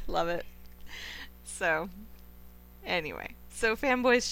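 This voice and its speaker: Bright-voiced enthusiastic woman podcast host. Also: medium pitch, expressive, takes it slowly, long pauses, smooth, dry recording. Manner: enthusiastic, opinionated, chatty with fillers. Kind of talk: casual film review chat.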